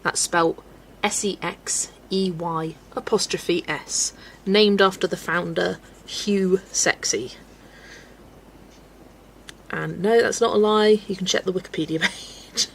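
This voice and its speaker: A woman's voice: medium pitch, steady tone, slow pace, vocal fry, long pauses, a little hiss or hum. A young English woman hosting a colouring livestream, chatting casually and telling stories with frequent giggles. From England. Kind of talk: casual chat while colouring, reading chat.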